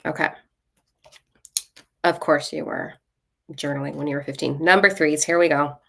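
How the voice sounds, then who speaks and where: Low, gravelly-voiced woman ranting bluntly. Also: fairly even intonation, normal speed, a bit bright. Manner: blunt, ranting, swears freely; self-mocking and playful. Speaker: spiritual reader and live-stream host. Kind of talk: casual live-stream card reading.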